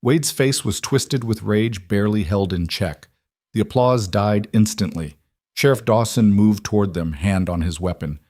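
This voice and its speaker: A male narrator reading a dramatic scripted story in a measured way. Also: lowish voice, a little mellow, dry recording, clean studio sound.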